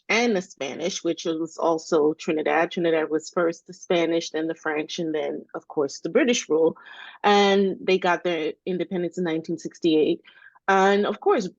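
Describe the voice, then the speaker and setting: A woman's voice: on the low side, no room sound, lo-fi sound. A woman raised in the United States, co-hosting an educational podcast and telling stories from her own life in a conversational way. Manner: storytelling, animated when quoting others.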